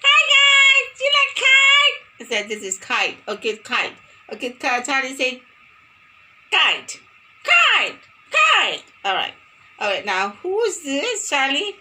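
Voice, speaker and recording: A woman's voice: high voice, wildly swooping pitch, slow, pushed and bright, a little hiss or hum. A woman teaching a phonics lesson to young children, playful and sing-song, repeating words for them to copy.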